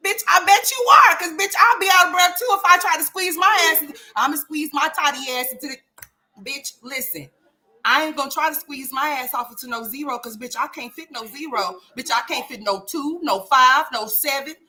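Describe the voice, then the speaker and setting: A woman's voice: high-pitched, normal speed, bright, forceful tone. A woman hosting a casual reaction commentary, blunt, profane and teasing, with playful mock outrage. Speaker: commentary channel host.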